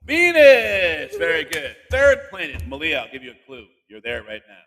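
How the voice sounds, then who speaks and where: Male kids'-show host, playful and teasing, very animated delivery, echoey reverberant room. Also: a little high, moderate pace. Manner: animated, teasing, cheering the kids on. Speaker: podcast host talking with two children. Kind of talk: playful kids' quiz chat.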